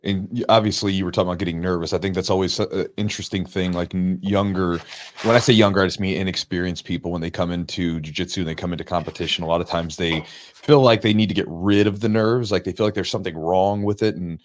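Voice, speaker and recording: A man's voice: low voice, fairly even intonation, fast talker. A man hosting a podcast, asking questions in a conversational way and sharing his own experience first. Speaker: podcast host. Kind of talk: casual interview talk.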